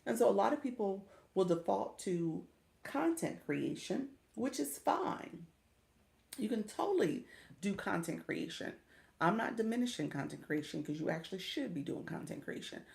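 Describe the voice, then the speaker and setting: A woman's voice: mid-range voice, very animated, moderate pace, gravelly, a little mellow. A woman livestream coach chatting casually with her viewers, reading the chat aloud and laughing often.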